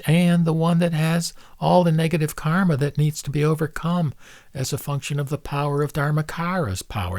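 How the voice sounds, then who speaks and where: A man giving a reflective spoken commentary on a Buddhist scripture, speaking in a measured way and slowing down to stress key words. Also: medium pitch, vocal fry, a little mellow, dry recording.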